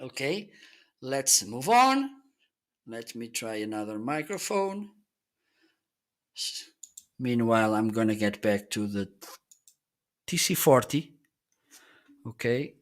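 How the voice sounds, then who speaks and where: A man hosting a live stream, giving a casual product demo of desk microphones and often checking in with "okay?". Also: medium pitch. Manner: chatty, keeps checking in with "okay?". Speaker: live-stream host reviewing gear. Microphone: desk USB microphones being tested.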